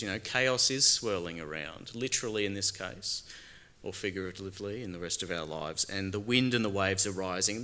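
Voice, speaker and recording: Brief: middle-aged man, pastor, informal sermon with rhetorical questions; deep pitch, forceful bright tone. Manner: conversational preaching with rhetorical questions and fillers.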